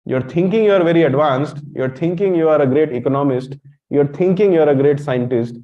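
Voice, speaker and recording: A man's voice: on the high side, fairly quick. Guy giving a temple talk, blunt and teasy, keeps quizzing the crowd, kinda dull lo-fi recording. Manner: blunt, teasing, quizzes the audience. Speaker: monk lecturer. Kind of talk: temple lecture.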